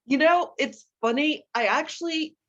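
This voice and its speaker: A woman guest on a video call, telling animated, persuasive stories as an entrepreneur. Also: sits high, moderate pace, highs cut off. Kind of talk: interview storytelling.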